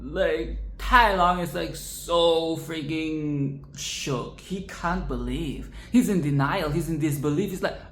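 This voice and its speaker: A woman's voice: sits low, slow pace, hardly any pauses, fairly bright tone, reverberant, slight background noise. A young woman casually reviewing a film, emphatic and profane, often tagging "okay?".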